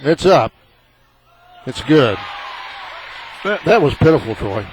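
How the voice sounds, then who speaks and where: A man calling a high school basketball game on local radio, partisan and excitable, his voice jumping up on big plays. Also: slow, slight background noise, poor audio. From southern Illinois. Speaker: play-by-play announcer.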